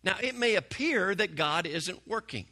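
A man preaching a sermon to a church congregation, folksy and conversational, often dropping to a hush. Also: high voice, animated, unhurried. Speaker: pastor.

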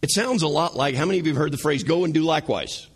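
A man preaching a sermon as pastor, animated, asking the congregation rhetorical questions and using sarcasm. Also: a little high, rapid-fire, breathy edge.

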